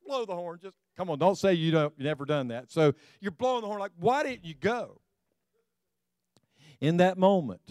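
A man's voice: fairly high pitch, darkish tone, no echo, clean studio sound. A middle-aged man preaching a sermon to his congregation, telling stories with self-deprecating humor and speaking to them directly. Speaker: pastor.

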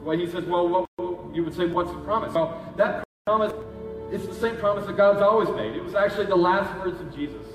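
A man's voice: high voice, fairly quick, music in the background. A man preaching a sermon as pastor, urging and conversational in his manner. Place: church hall. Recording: echoey hall, heard from a distance.

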